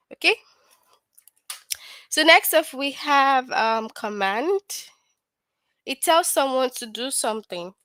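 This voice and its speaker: A patient woman teacher leads a grammar lesson for small children, asking questions and then answering them herself. Her voice sits a little high and sounds close and dry, with no room around it. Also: a bit bright, no room sound.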